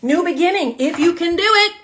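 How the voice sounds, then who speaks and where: A woman's voice: very high voice, animated, brisk, fairly bright tone, slight background noise. A woman giving a live tarot reading to her viewers, emphatic and fired up, repeating her phrases and swearing casually. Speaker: tarot reader.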